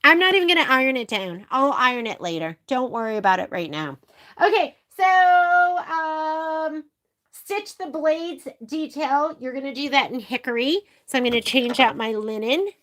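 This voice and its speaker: A woman's voice: high-pitched, big pitch swings, unhurried, fairly bright tone. Chatty middle-aged woman, gushing and rambling. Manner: rambling, gushing storyteller with many fillers. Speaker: sewing shop video host. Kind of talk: chatty sewing tutorial vlog. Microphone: camera on a filming arm.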